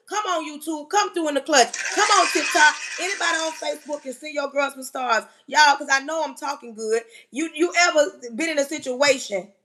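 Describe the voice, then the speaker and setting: A woman's voice: sits high, fairly bright tone. A woman, hosting a livestream and giving blunt, scolding, streetwise advice to her viewers. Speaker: livestream host.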